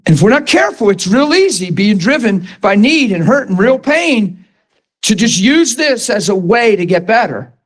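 Male preacher with a high voice, fervent sermon delivery that climbs into shouting. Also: sing-song, moderate pace. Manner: impassioned, rising to shouts when quoting himself.

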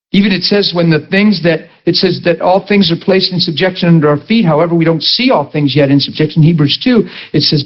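A male preacher giving a sermon, animated and playful as he tells stories. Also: fairly high pitch, muffled recording. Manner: animated storytelling, bursts into laughter, playful.

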